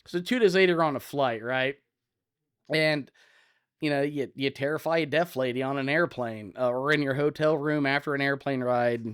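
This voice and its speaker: A man around forty from Ohio, co-hosting a podcast and telling loud, animated stories in casual chat. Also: medium pitch, moderate pace, clean tone. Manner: loud, animated storyteller, acts out scenes. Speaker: podcast co-host.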